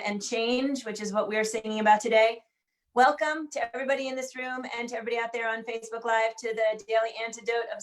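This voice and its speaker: A woman hosting an online sing-along, chatting as she greets viewers one by one by name over a video call. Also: fairly high pitch. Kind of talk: livestream welcome and greetings. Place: room in Washington, D.C.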